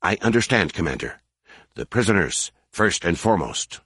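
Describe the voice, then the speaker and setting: A man's voice: sits low, sing-song, normal speed, a bit bright, slightly rough, no room sound, clean studio sound, exaggerated voice. A man reading an audiobook, voicing a demoted alien officer who speaks in a clipped, restrained way. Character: demoted proud male alien officer, suppressing anger.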